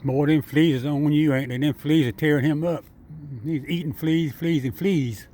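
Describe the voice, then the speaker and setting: A man chatting and coaxing a squirrel in his front yard, repeating himself in a relaxed, chuckling way. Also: on the high side, fairly quick. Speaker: vlogger feeding a squirrel. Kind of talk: casual talk to an animal.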